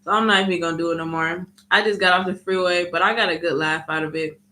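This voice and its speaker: A woman vlogger telling a story in a casual, animated way and acting out what people said. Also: on the low side, fast talker. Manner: animated storytelling, frequent "you know what I mean"; acts out quoted dialogue.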